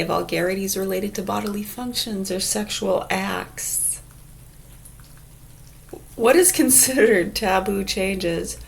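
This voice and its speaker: A woman's voice: medium pitch, vocal fry, a little hiss or hum. A woman in a casual vlog who reads definitions aloud and riffs on them sarcastically, swearing freely. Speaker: vlogger. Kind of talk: casual musing monologue.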